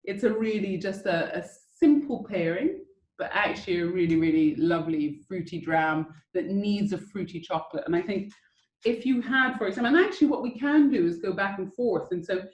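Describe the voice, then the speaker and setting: A woman leads a tasting over a video call, talking in a chatty, eager way and coaching her listeners through each step. Her voice sits at a middling pitch. The sound has a noticeable roomy echo. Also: animated, normal speed, a little mellow, muffled recording. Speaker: whisky tasting host.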